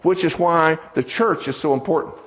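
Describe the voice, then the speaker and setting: A man's voice: fairly high pitch, normal speed, a bit bright. A man preaching a sermon in a church, telling a story in a folksy, conversational way, with joking asides to the congregation. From American South. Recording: dull sound with long hall reverb.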